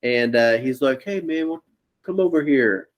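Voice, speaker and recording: A man's voice: mid-range voice, expressive, moderate pace. A young man co-hosting a podcast, telling a rambling story in casual chat and laughing at his own punchlines. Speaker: podcast co-host.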